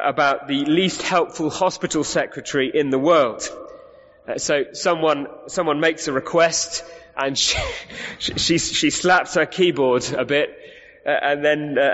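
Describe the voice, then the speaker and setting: A man preaching an emphatic sermon, firing off rhetorical questions and restarting his phrases as he goes. His voice sits a little high. The sound is slightly dull and rings out through a large reverberant hall. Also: fairly bright tone, a little hiss or hum.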